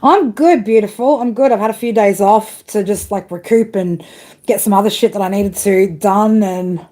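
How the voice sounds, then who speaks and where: A woman's voice: medium pitch, moderate pace, mellow. A woman doing a live-stream tarot reading, ranting bluntly with heavy swearing and chatting to viewers. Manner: blunt, heavily profane ranting. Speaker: tarot reader.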